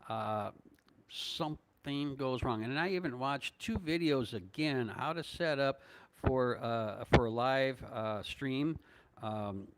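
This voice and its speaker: A man's voice: mid-range voice, slow pace, a little hiss or hum. An older man from northern Minnesota answering viewers' questions in a casual live stream, rambling and hesitant with many fillers and chuckles. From northern Minnesota, USA. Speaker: vlogger answering live chat.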